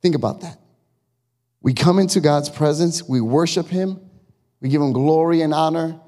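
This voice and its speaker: The recording carries the long reverb of a church hall as a pastor gives his sermon in the sanctuary. His warm, rather high voice moves at normal speed, and he speaks conversationally and emphatically while questioning the congregation.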